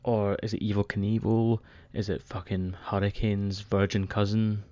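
A young Scottish man chatting casually as a podcast co-host, animated and sweary, with quick apologetic asides. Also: fairly low pitch, no room sound, highs cut off. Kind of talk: casual chat.

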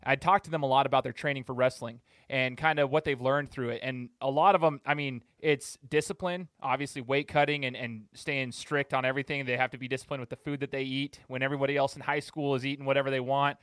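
A man's voice: mid-range voice, fairly even intonation, fast talker, few pauses, a bit bright, no room sound, clean studio sound. A man hosting a podcast, asking rambling questions with lots of fillers in a conversational way. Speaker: podcast host. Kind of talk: conversational interview.

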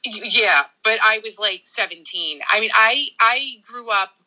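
A woman in her thirties with a very bright, sharp-edged voice chats casually as an interview guest. She rambles, restarts her sentences and corrects herself as she goes. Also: fairly high pitch, measured pace, poor audio. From Dorchester, Massachusetts. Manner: chatty and rambling, with many fillers and self-corrections. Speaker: comedian guest.

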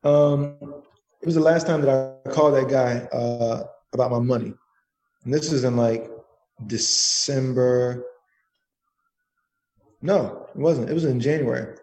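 Animated, profane man telling a story. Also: mid-range voice, measured pace, long pauses. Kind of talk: casual storytelling.

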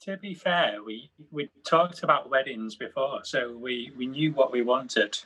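A man's voice: mid-range voice, measured pace, a crowd in the background, poor audio. A young man with a Yorkshire accent, chatting casually as a guest and telling a story with dry humour. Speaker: guest, engaged partner. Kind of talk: casual chat.

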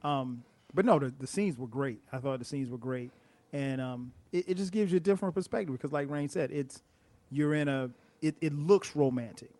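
A man's voice: mid-range voice, normal speed, warm tone, no echo. A man chatting casually as a podcast guest, rambling with many fillers and restarts. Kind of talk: casual chat.

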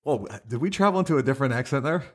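A man co-hosting a podcast in casual, quick-witted banter. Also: medium pitch, expressive. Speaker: podcast co-host.

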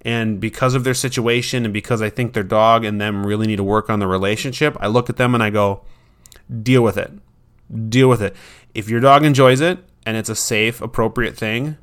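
A man's voice: fairly low pitch, fairly quick, fairly bright tone, clear, resonant tone. A man who trains dogs, giving casual advice in a chatty, self-deprecating way and sometimes acting out what his dog would say.

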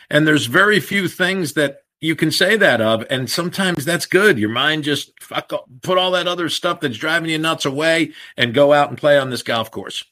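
A man in his sixties, a podcast co-host telling animated anecdotes in casual chat, with some swearing. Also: fairly high pitch, moderate pace, few pauses. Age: 60s.

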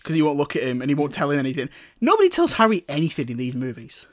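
A young man hosting a casual film podcast from home, excitable and quick to laugh. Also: on the high side. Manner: excitable, laughs often, shouts bits for comedy. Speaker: podcast host.

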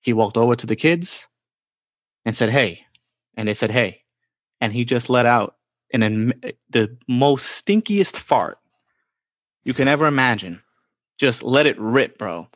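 A man's voice: mid-range voice, measured pace, pauses often, no echo. A man in his forties from the Bronx, telling childhood stories in a casual, slangy way and often saying "bro". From New York, the Bronx. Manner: laid-back, slangy, says "bro" often. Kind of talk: casual storytelling chat.

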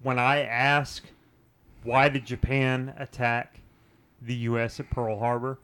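Chill guy cohost, talks slow, dry little remarks. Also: mid-range voice, little pitch movement, fairly bright tone, clear, resonant tone. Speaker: podcast co-host. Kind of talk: casual chat.

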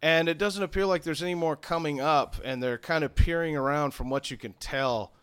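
A man's voice: on the high side, brisk, a bit bright, clean tone. Casual male game master. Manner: casual, laughing, loose with profanity. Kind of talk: narrating a tabletop game.

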